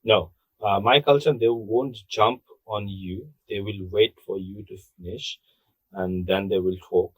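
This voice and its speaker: A man from Bangladesh chats casually on a podcast in a fairly low, unhurried, slightly rough voice, recorded without echo but with poor audio. He's animated, repeats words, and does playful accent impressions.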